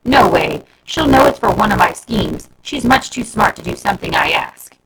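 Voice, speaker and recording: A woman's voice: mid-range voice, sing-song, moderate pace, gravelly, fairly bright tone, poor audio. A woman reading aloud and voicing a scheming schoolboy who talks in a wheedling, over-dramatic way, with background noise. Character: scheming, fast-talking schoolboy narrator.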